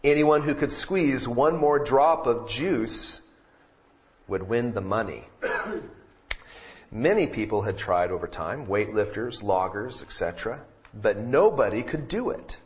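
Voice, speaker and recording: A man's voice: mid-range voice, animated, slow pace, dull audio. A man preaching a sermon as pastor to his congregation, reading scripture, praying and telling jokes. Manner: reads scripture, prays, then preaches with jokes. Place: church sanctuary with congregation.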